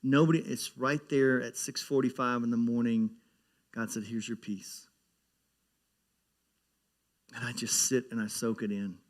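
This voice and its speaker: A man's voice: medium pitch, steady tone, moderate pace. A man giving a sermon as pastor, talking in a conversational way, often repeating words and growing emphatic as he preaches.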